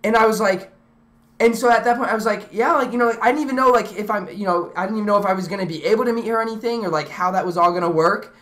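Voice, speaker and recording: Talking to her live chat, a young female streamer races through a story in an excited, meandering way, stumbling into restarts and fillers. She has a mid-range voice.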